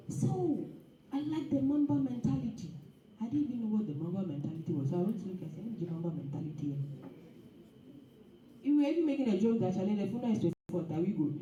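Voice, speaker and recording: A woman giving an animated, preachy motivational talk at a dinner event. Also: mid-range voice, fast, muffled recording. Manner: animated and preachy, with laughs and acted asides. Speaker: guest speaker. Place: event hall. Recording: echoey hall, speaker far from the mic.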